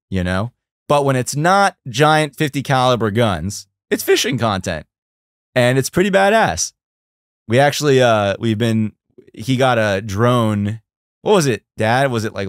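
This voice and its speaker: A young man hosting a casual livestream, chatty and animated, talking to his viewers. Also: on the low side, dry recording, clean studio sound. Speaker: livestream host.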